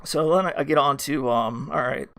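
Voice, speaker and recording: Here the same kind of rambling, swear-filled podcast rant comes from an American host full of fillers and restarts. His voice is medium-pitched and bright, delivered at a moderate pace with a forceful edge.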